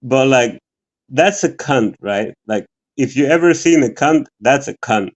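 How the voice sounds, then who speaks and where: A man chats as a guest on a livestream, his pitch mid-range. He rambles and stalls on fillers and swears freely. His voice comes through a dull, lo-fi call line. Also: lively intonation, a little slow. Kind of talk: casual livestream chat.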